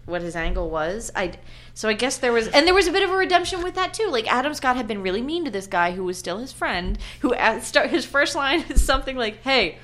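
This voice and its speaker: A woman's voice: on the high side, fast talker. Chatty woman reviewing a movie. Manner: animated, acts out characters' lines. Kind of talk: casual movie review chat.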